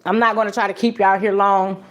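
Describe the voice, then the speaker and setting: A woman's voice: mid-range voice, little pitch movement, brisk, muffled recording. A woman hosting a podcast livestream, talking casually and bluntly, with plenty of swearing and frequent laughs. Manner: blunt, profane and chatty; laughs often. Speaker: podcast host.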